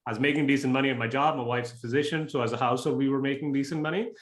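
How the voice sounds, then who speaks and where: A man giving frank, blunt interview answers as a real estate investor, talking in quick bursts. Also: mid-range voice, fairly even intonation. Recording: echoey room.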